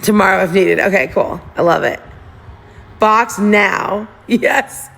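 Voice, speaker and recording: Woman livestream host, gossipy and giggly, rambling chat into a phone, slight vocal fry. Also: fairly low pitch, normal speed. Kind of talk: casual livestream chat to viewers.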